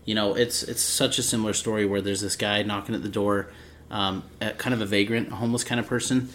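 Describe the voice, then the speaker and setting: Low-voiced man thinking aloud. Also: steady tone, fast, fairly bright tone, a little hiss or hum. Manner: thinks aloud, searches for words. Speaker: podcast co-host. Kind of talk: casual chat.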